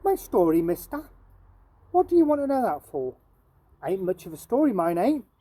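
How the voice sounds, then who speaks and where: A woman voicing a poor, cheeky young street boy in a higher, louder voice than her own. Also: big pitch swings, fairly quick, slightly rough. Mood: eager.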